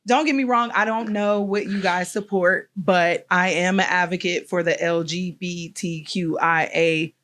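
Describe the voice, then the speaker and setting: Lower-pitched woman co-host, laughing. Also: fairly even intonation, measured pace, few pauses, a bit bright. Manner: steers topics, laughs while talking. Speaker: podcast co-host. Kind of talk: casual group chat.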